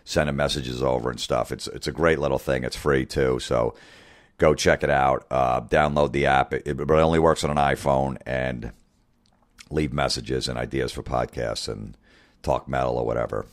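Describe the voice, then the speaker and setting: A man's voice: very deep voice, fairly even intonation, moderate pace. A man hosting a podcast, talking casually in a profane, ranting, sarcastic way. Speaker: podcast host.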